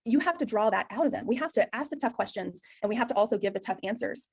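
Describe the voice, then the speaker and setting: A middle-aged woman from Texas with a Texan accent, giving an emphatic, loud sales training presentation to a room. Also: a little high, lively intonation, breathy edge. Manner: loud, emphatic, talks very fast.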